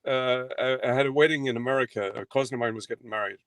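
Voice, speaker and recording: A man in his sixties with an Irish accent from County Clare, a carpenter and guest chatting in an interview, relaxed and rambling with hesitant fillers. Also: medium pitch, quick pace, clear, resonant tone, no room sound, low-quality recording. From Ireland. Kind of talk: casual interview chat.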